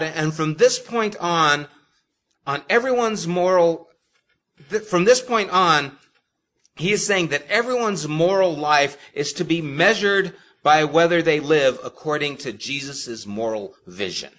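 A man preaching a sermon, addressing the congregation directly with emphatic, expressive delivery and sharp swings in loudness. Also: on the high side, unhurried. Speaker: pastor.

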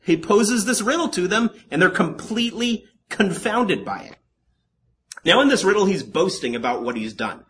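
A man delivering a sermon in a bright, forceful voice, his pitch leaping up and down as he jokes and turns to the congregation. His delivery is animated, with a conversational teaching style. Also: normal speed. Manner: animated and joking, with asides to the congregation. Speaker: pastor teaching a Bible study.

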